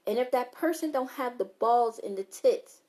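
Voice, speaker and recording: A woman's voice: on the high side, animated, normal speed, dark tone. A woman giving an unscripted motivational talk, blunt and emphatic, repeating her key phrases and swearing freely. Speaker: motivational speaker.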